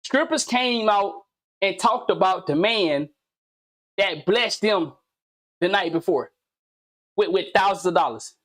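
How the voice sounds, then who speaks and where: A man's voice: high voice, lively intonation, takes it slowly, pauses often, a bit bright. A man hosting his own commentary video, talking casually and animatedly in slang, repeating himself and firing off pointed questions. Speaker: commentary channel host.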